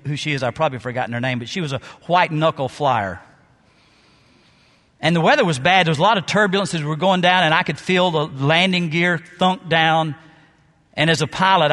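Male pastor, middle-aged, sermon storytelling, higher pitch, echoing sanctuary. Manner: storytelling, dramatic pauses, shifts loud and soft. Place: church sanctuary. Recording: long reverb of a large hall.

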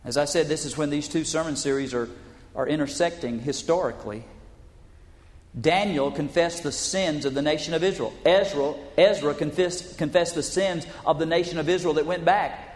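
A pastor preaching to his congregation, his voice sitting a little high for a man. He presses his points with sudden shifts in pitch and pace. The sound rings through a big, echoing hall with a long reverb tail. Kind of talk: sermon.

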